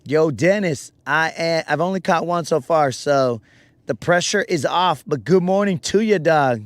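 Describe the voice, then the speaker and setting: A man chats with his live stream in a rough morning voice, his mouth dry. He rambles playfully and calls everyone bro, in a somewhat high voice. The sound is close and dry. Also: unhurried, no echo. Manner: playful rambling storyteller, addresses chat as bro. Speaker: fishing stream host. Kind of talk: casual live-stream chat.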